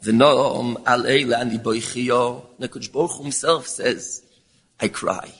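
A man's voice: mid-range voice, fairly even intonation, moderate pace, a bit bright, husky. Man preaching in a reverberant hall. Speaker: rabbi giving a talk. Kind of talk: sermon.

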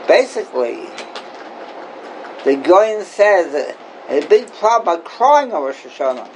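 A man's voice: sits high, big pitch swings, measured pace, a little hiss or hum, poor audio. A man teaching an informal Torah class as a rabbi, questioning and emphatic, repeating his key points.

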